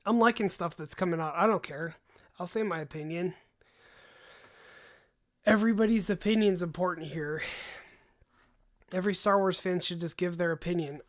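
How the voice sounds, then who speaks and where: Young male livestream host, rambling, animated, sighs often, voice wearing thin. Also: high-pitched, moderate pace, long pauses. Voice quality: voice tiring, gives out after long talk. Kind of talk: casual livestream chat.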